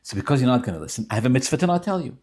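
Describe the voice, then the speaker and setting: A man's voice: mid-range voice, big pitch swings, very fast, darkish tone. A man voicing a stubborn, wry old Hasidic rebbe who speaks in a dry, matter-of-fact way. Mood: deadpan.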